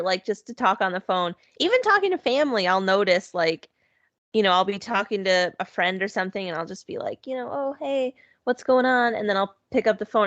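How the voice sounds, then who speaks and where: A woman's voice: mid-range voice, fairly bright tone, dry recording, lo-fi sound. A woman co-hosting a podcast, chatting casually, agreeing readily and reading items aloud. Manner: agreeable, reads quotes aloud, quick back-channel replies. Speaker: podcast co-host. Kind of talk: casual chat.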